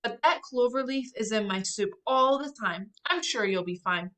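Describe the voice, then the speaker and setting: Woman doing a carefree young girl, breezy and cheerful, bright voice, storybook reading. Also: fairly high pitch, expressive, moderate pace, distant mic. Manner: breezy, reassuring.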